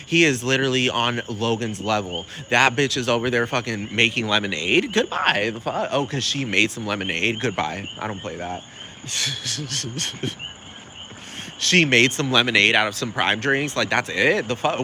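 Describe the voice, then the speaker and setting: Sassy guy ranting and swearing, mid pitch, lots of room noise behind him. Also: lively intonation. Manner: sassy, profane, fast rambling. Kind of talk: comedic rant.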